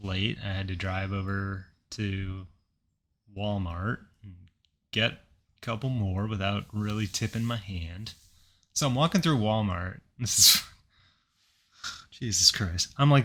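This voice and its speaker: A man's voice: low-pitched, measured pace, pushed and bright. A young adult man co-hosting a podcast, telling a story in a wry, rambling way. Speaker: podcast co-host. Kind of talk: casual chat.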